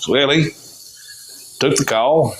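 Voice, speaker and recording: A man with a Louisiana accent, hosting a casual podcast and telling animated stories about prank callers. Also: medium pitch, takes it slowly, slight background noise, rough recording. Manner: drawling, animated storyteller, voices quoted callers. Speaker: podcast host. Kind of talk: casual storytelling chat.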